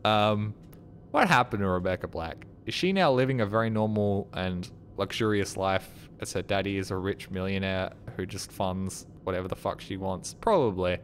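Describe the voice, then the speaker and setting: A man's voice: sits low, moderate pace, slight background noise. Puzzled man rambling over gameplay. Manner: rambling, puzzled, swears casually. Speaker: streamer playing a game. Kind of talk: casual live gameplay commentary.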